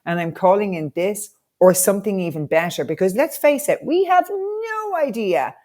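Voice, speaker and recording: A woman's voice: mid-range voice, animated, normal speed, a little mellow. A woman coach, a podcast guest, telling stories with enthusiastic, motivational energy. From Ireland. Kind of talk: conversational podcast interview.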